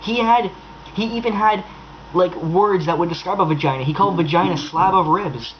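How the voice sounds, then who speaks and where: A man's voice: high-pitched, normal speed, dull audio, a little hiss or hum. A young man ranting to camera in an exasperated, sarcastic tone, swearing freely. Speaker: vlogger. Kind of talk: angry rant to camera.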